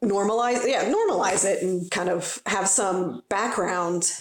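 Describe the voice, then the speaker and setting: A funeral director in her forties talks a little slowly in a mid-range voice, recorded with a roomy echo. Her casual podcast conversation rambles along, full of fillers.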